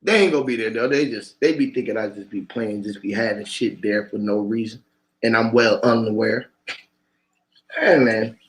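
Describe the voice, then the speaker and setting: A man's voice: on the low side, normal speed. A man delivering a rambling freestyle monologue, chanting and repeating words in a loose stream of wordplay. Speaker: vlogger.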